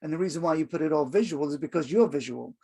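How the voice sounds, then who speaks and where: Male course instructor, slightly high voice with a gravelly edge, chatty teaching delivery full of fillers. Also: fast talker, warm tone. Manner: conversational, with many fillers and acted-out examples. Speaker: HR communication coach. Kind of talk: online course video lesson.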